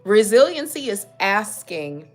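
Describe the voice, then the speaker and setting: A woman's voice: medium pitch, big pitch swings, unhurried. A woman hosts a casual mental health check-in. She speaks emphatically and directly, in a preachy, motivational way. Faint music plays underneath. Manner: emphatic, preachy, talks straight to listeners. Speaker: mental health talk host.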